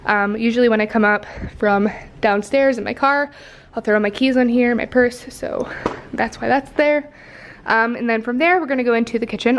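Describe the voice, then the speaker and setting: A woman's voice: on the high side, fairly even intonation, moderate pace. A young woman vlogger giving a casual tour of her apartment, chatty and rambling with lots of ums and likes. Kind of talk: casual home tour vlog. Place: apartment indoors.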